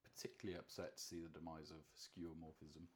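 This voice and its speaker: Man, deep voice, easygoing and upbeat podcast co-host. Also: little pitch movement, fast talker. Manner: easygoing, enthusiastic, agreeable. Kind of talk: casual design chat.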